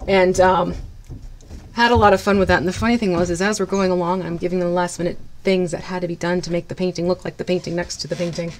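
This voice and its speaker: A woman with a somewhat low voice chats through a casual live stream as she paints miniatures. She greets viewers brightly, laughs often and chats freely. A faint hiss sits under her voice. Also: fairly even intonation, quick pace.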